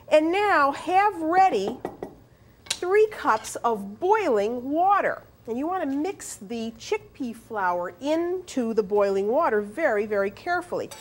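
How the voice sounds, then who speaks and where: Lively, high-pitched older woman cooking host. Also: slight background noise. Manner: chatty, step-by-step, addresses viewer directly. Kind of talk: cooking demonstration. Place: studio kitchen.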